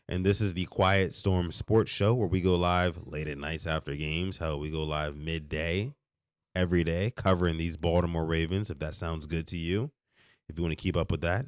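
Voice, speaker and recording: A man hosting a late-night live sports reaction stream, hoarse and a little sick, ranting in an animated, exasperated way with frequent restarts. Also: sits low, no echo, clean studio sound. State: hoarse, under the weather. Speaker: podcast host.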